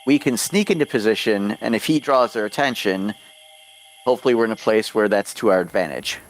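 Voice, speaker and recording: A man playing a tabletop game, explaining plans and rules in a measured way. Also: fairly low pitch. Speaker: player.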